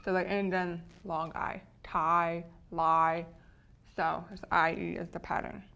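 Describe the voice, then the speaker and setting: A woman's voice: lowish voice, little pitch movement, takes it slowly, creaky, bright, forceful tone, clear, resonant tone, highs cut off. A woman teacher explaining phonics spelling patterns, often checking in with "right?". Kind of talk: phonics lecture.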